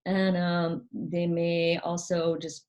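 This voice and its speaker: A woman hosting her own channel, explaining things gently in a casual monologue, often hesitating with ums and restarting her sentences. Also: on the low side, little pitch movement, slow. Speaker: channel host.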